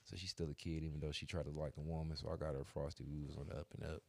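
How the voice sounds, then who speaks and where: A man's voice: extremely low pitch, flat delivery, racing, creaky, no echo. A middle-aged man telling stories in casual, slangy, profane chat. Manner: laid-back storytelling, slangy and profane.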